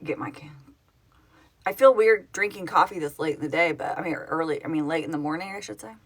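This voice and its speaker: This woman's voice sits low and moves a little quickly. A middle-aged project founder from Oklahoma, she runs a relaxed live stream from her phone at home, talking with viewers and answering their comments in a meandering way, correcting herself as she goes.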